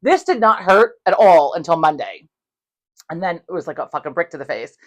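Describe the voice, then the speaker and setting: Woman podcast co-host, low-pitched but very lively, profane, acts out dialogue in her stories. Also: fairly quick. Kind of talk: casual chat, storytelling.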